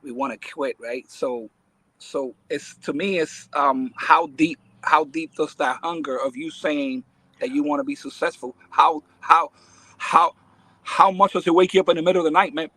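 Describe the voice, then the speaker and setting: A middle-aged man from the Bronx, a baseball academy owner, speaking as a podcast guest in an emphatic, animated way and laughing often. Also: fairly high pitch, normal speed, no room sound, low-quality recording. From Bronx, New York. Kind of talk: casual podcast interview.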